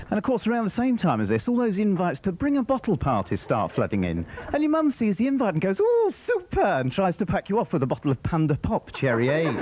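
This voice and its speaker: A man doing a stand-up comedy routine, rambling and deadpan, slipping into acted-out voices. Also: fairly high pitch. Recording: muffled, slightly noisy 1990s TV broadcast. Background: audience laughter.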